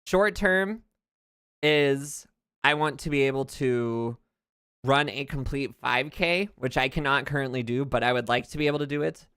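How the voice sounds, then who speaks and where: A man's voice: mid-range voice, normal speed, fairly bright tone, clear, resonant tone, dry recording, studio quality. Chatty man with a light Southern lilt. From southern United States. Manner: rambling, drifts into tangents and laughs often. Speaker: streamer. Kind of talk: casual chat while gaming.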